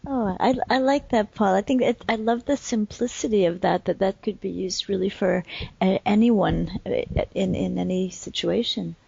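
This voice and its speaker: A woman's voice: mid-range voice, moderate pace, creaky, dark tone, slightly rough, no room sound. A woman hosting an interview who often murmurs short affirmations and closes the program. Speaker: host. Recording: dull, dry interview audio.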